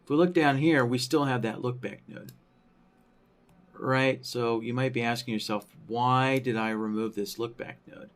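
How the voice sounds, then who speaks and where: A man teaching trading software in a screen-recorded tutorial, thinking aloud with many fillers and a habitual "right?" after his points. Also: mid-range voice, fairly even intonation, moderate pace. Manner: thinking aloud, frequent tag question "right?"; many fillers like "you know" and "um".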